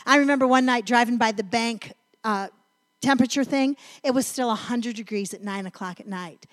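A middle-aged woman from North Carolina giving a sermon, telling a family story in an animated, emphatic way. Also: fairly high pitch, a little fast. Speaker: women's ministry speaker.

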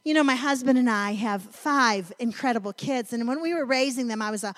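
A middle-aged woman from North Carolina giving a sermon, telling a family story in an animated, emphatic way. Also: on the high side, a little fast. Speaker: women's ministry speaker.

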